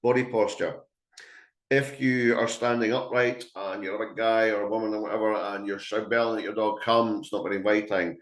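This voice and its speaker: A man's voice: fairly low pitch, fairly even intonation, brisk, echoey room. A Scottish man working as a dog trainer, giving a chatty, emphatic webinar talk to a live audience and acting out calls to a dog. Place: indoor room with an audience.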